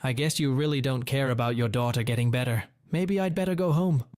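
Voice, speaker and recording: A man voicing an angry middle-aged father, blunt and determined, giving forceful retorts in a dry, close read. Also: mid-range voice, brisk, no echo, close to an everyday voice.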